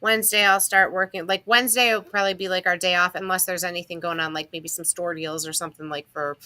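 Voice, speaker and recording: A woman's voice: on the low side, steady tone, fast, pushed and bright, dry recording. A tired woman co-hosting a livestream in casual, rambling chat. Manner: chatty, laid-back, self-interrupting. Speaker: co-host.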